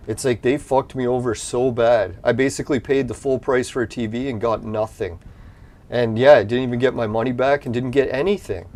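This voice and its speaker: A man's voice: medium pitch, steady tone, brisk, a little mellow. Profane ranting man, casual vlog. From Canada. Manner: profane, exasperated storytelling. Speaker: gaming channel host.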